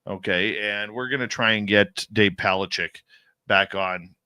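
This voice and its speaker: A man hosting a talk radio show, with a bright, forceful voice recorded dry and close to the mic. He chats casually with his co-host and reads news items aloud, a laugh creeping into his delivery. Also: lowish voice, a little slow, no room sound.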